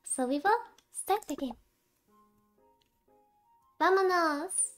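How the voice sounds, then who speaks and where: High-pitched, giggly sleepy woman streamer. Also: takes it slowly, pauses often, faint music behind. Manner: giggly, cutesy, talks to chat with many laughs. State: sleepy, tired voice. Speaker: VTuber streamer. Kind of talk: casual game stream chat.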